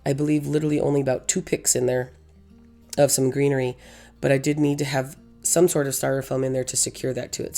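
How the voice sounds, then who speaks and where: A woman with a hoarse, gravelly voice from losing it, chatting through a crafting tutorial as host, rambling and correcting herself. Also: extremely low pitch, a little mellow. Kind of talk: casual crafting tutorial voice-over.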